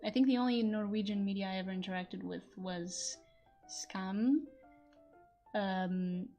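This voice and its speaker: A young woman whose first language is Portuguese chats casually on a stream, wandering from thought to thought and swearing now and then. Her voice sits at a middle pitch and breaks into easy laughter. Faint music plays behind her. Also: fairly even intonation, a little slow, mellow. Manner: chatty, rambling, laughs often and curses. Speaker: voice actor streaming a chat.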